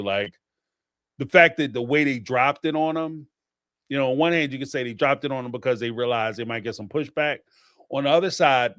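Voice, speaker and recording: A man hosting a show where he reacts to listener voicemails, talking in slangy, animated casual commentary and laughing often. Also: mid-range voice, no room sound, studio quality. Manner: animated, laughing, slangy, talks back to the people he discusses.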